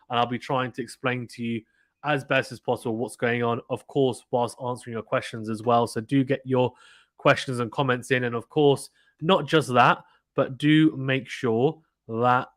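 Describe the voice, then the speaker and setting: A man's voice: medium pitch, fairly bright tone, dry recording, studio quality. A man hosting a casual live tennis watchalong, chatting with viewers and often repeating himself. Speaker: live stream commentator. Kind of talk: casual play-by-play watchalong chat.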